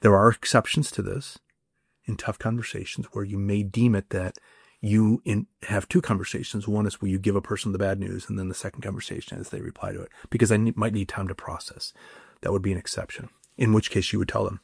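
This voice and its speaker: Gravelly, husky male podcast coach. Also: lowish voice, flat delivery, a little fast, no echo, studio quality. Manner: conversational, repeats and restarts words, rhetorical questions. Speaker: podcast host and communication coach. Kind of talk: solo podcast teaching talk.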